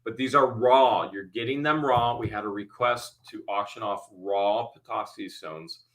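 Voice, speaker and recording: A man hosting a live-stream auction, calling out bids quickly and then chatting and explaining the items. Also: fairly low pitch, fairly bright tone, low-quality recording. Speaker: host.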